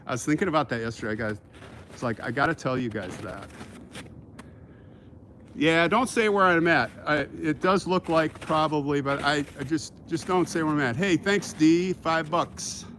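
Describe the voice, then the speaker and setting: Walking through a cemetery outdoors, a Kansas man hosts a livestream on a handheld phone, chatting casually in a slightly high, fairly bright voice at a normal speed. He wanders through a mock rant, repeatedly pausing to thank donors, while faint traffic hums behind him.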